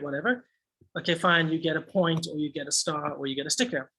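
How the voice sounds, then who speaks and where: A man who trains English teachers, walking through a lesson plan in a lively way with frequent "okay" and "all right". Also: a little high, a little fast, low-quality recording. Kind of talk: teaching tutorial.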